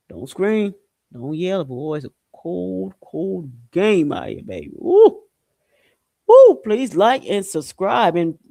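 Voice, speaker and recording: Animated man from Haiti, casual slangy commentary. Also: a little high, no room sound. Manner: animated, slangy, with loud whooping exclamations. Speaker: podcast host.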